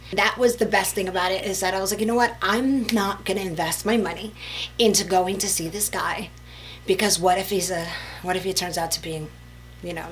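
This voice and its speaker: A woman at an ordinary middle pitch tells a personal story to camera in a casual vlog. She talks in a loose, chatty way, filling her lines with "like" and "you know" as she relives it. A faint hum sits under the recording. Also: rough recording. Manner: chatty, lots of "like" and "you know", animated retelling. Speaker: vlogger.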